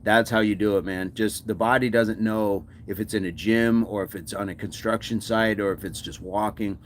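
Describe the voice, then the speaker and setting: A man's voice: fairly low pitch, fairly even intonation, moderate pace, slight background noise. A man hosting a fitness livestream, chatting casually and answering viewer comments with encouragement.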